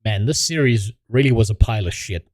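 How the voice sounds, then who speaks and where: A man's voice: lowish voice, brisk, darkish tone, slight background noise. A man streaming and reacting to videos in casual commentary, swearing heavily and mocking himself. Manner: crude, heavy swearing, self-mocking.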